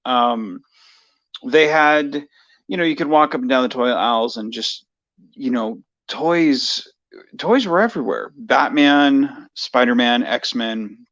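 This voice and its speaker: A man's voice: medium pitch, takes it slowly, fairly bright tone. Rambling man, dull lo-fi sound. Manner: rambling, many fillers and restarts. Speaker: vlogger. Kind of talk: casual personal monologue.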